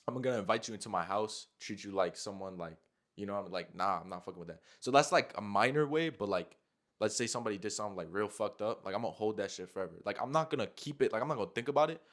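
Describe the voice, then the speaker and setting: A man's voice: on the low side, fast, fairly bright tone. A man hosting a casual podcast chat, talking loosely with lots of slang, cursing and "like" fillers. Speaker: podcast host.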